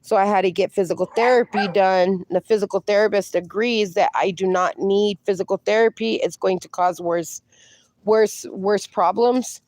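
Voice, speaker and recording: A woman's voice: mid-range voice, fairly even intonation, normal speed, a little mellow. Chatty woman livestreamer reading comments. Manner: chatty, reads viewer comments aloud, calls viewers darling. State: in pain, slightly strained. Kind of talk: casual livestream chat. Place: outdoors.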